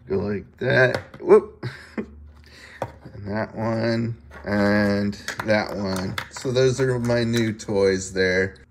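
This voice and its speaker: Giggly, slow-talking man. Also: lowish voice, fairly even intonation, a little hiss or hum. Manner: giggly, laughs often between phrases; halting, with many fillers and restarts. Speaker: vlogger showing his toy collection. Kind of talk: casual show-and-tell video.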